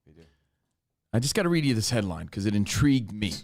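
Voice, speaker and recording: A man co-hosting a radio show, telling stories in casual, excitable banter. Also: on the low side, fast, a little hiss or hum. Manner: animated, excitable storytelling.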